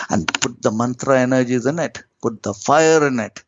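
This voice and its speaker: A middle-aged man, a yogi and spiritual teacher, speaking as a podcast guest, swinging from rising emphatic questions to slow hushed phrases. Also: medium pitch, big pitch swings, noisy background. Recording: dry, dull lo-fi sound.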